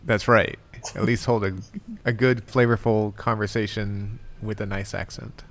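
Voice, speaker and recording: A man's voice: fairly low pitch, level tone, normal speed. A man in a casual movie podcast chat, agreeable and chuckling along.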